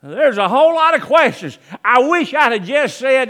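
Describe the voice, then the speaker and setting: High-voiced animated preacher man. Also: normal speed. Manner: dramatic swings between loud emphasis and hushed lines; reads scripture in old-fashioned King James wording. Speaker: pastor. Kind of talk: sermon.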